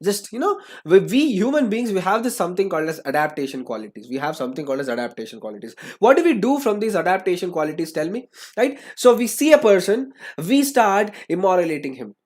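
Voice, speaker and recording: A man's voice: high voice, big pitch swings, fast. A young man gives an online lesson. He restates each point twice and tags "right?" or "yes or no?" onto his sentences to keep students engaged. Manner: repeats phrases, keeps asking "right?" and "yes or no?". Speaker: English teacher. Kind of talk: online lecture.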